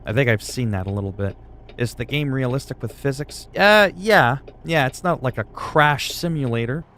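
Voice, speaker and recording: A man's voice: mid-range voice, normal speed. A man streaming a game and chatting to viewers, telling stories bluntly with plenty of swearing. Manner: blunt, profane storytelling to chat. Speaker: livestreamer. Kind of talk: casual chat while gaming. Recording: steady background noise.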